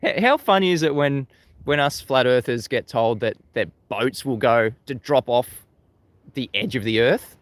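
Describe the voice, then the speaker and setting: A man's voice: medium pitch, moderate pace, no room sound. A man with an Australian accent hosting a casual livestream. He talks chattily to his viewers, laughs often, and repeats words as he restarts his sentences. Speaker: livestream host. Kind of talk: casual live-stream talk, reading chat. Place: outdoors facing the sea at sunrise.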